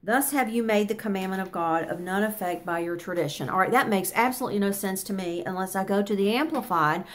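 A woman teaching a neighborhood Bible study in an earnest, conversational way. She reads scripture aloud and then explains it plainly. Her voice sits at an ordinary middle pitch. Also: fast talker, few pauses, a little hiss or hum.

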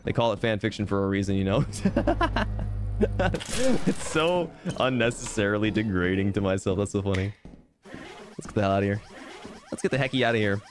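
A man's voice: fairly low pitch, expressive, normal speed, long pauses, background noise. Playful joking male game streamer. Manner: playful, rambling, self-mocking jokes. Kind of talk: casual gameplay commentary. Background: piano game music.

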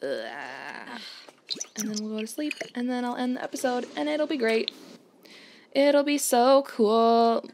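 A woman's voice: a little high, expressive, unhurried, noisy background. A woman hosting a casual let's-play, chatting playfully as she plays and tossing out mock-outraged exclamations. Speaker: gaming channel host.

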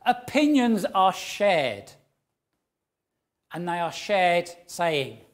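A man's voice: sits high, sing-song, very slow, long pauses, a little hiss or hum. A man preaching a sermon in a church, earnest and emphatic as he tells a story.

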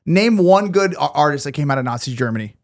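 A young man with a high, lively voice, co-hosting a podcast in loose casual banter. He jokes around, laughs a lot and slips into silly mock voices. His pitch swings widely as he talks. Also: quick pace. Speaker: podcast co-host.

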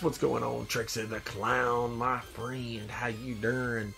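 Speaking slowly in a steady, medium-pitched voice with vocal fry and a fairly bright tone, a man in a demon costume runs a casual live stream. His nose is stuffy, and he rambles and jokes through viewer comments as soft music plays.

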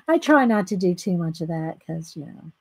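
With a Southern US accent, a woman hosting a live coloring tutorial greets viewers by name, chats, laughs readily and reads steps aloud amid her comments. Her fairly low voice is gravelly, husky and a little mellow, a bit slow with lively intonation and no echo.

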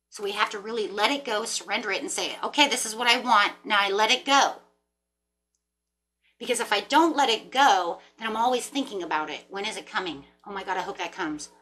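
Woman, tarot reader, bright tone, animated, casual swearing, thinks aloud. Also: medium pitch, slight background noise. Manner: repeats and restarts words as she thinks aloud. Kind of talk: casual tarot reading to camera.

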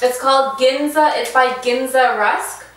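Excitable young woman in an echoey room. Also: high-pitched, a little slow, slight background noise. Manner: bubbly and excitable, reads labels aloud. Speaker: vlog co-host. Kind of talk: casual unboxing chat. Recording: echoey room, mic at a distance.

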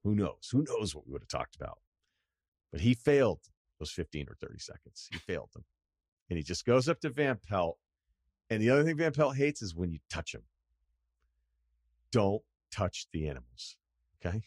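A man's voice: fairly low pitch, very animated, normal speed, vocal fry, long pauses, a little mellow, breathy edge, dry recording, clean studio sound. A middle-aged man hosting a podcast, telling a rambling, profane, self-deprecating story in casual chat. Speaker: podcast host.

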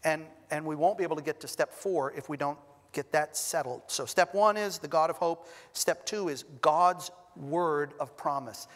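A man preaching a sermon as pastor, stressing single words with long pauses and adding light humor. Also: fairly high pitch, fairly bright tone. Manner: light humor between scripture readings. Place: church sanctuary. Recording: long reverb of a church hall.

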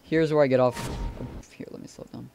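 A man's voice: medium pitch, steady tone, a little fast, vocal fry, noisy background. A man giving casual, profane commentary over a replay of his own game. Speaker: gameplay commentator.

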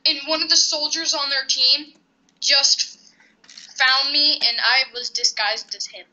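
High, bright, excitable gamer voice. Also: unhurried. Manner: excitable, jokey, blurts reactions. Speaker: gamer playing with a friend. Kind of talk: casual gameplay chat. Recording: dull lo-fi mic.

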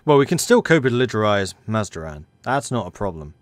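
A man's voice: fairly low pitch, sing-song, brisk, no echo. A man commentating a strategy game, thinking aloud and talking to the game's factions as he plays. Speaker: gaming channel host.

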